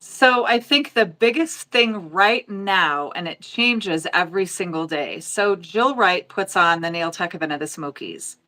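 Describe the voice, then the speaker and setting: A nail educator from the United States, a woman in her forties, tells stories in casual conversation, getting emotional and quoting other people's voices. She speaks at a fairly low pitch, a little slowly with few pauses, in a bright, forceful tone.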